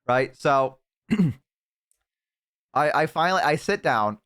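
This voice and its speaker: A man streaming and telling a story casually to his chat, swearing often and bursting into loud laughter. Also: medium pitch, expressive, moderate pace, pauses often, smooth. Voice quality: profane, laughs hard and loud. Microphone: headset.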